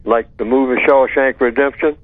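A man speaking as a guest on talk radio, explaining in a measured, lecturing way and posing rhetorical questions that he answers himself. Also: mid-range voice, fairly even intonation, no room sound. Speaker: guest expert on call-in radio. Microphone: telephone. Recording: tinny dry phone line.

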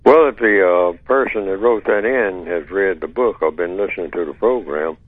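A man on call-in radio explaining his point emphatically and deliberately, asking himself rhetorical questions. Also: low voice, no room sound. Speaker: radio guest answering a listener question. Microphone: telephone. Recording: dry, tinny phone line.

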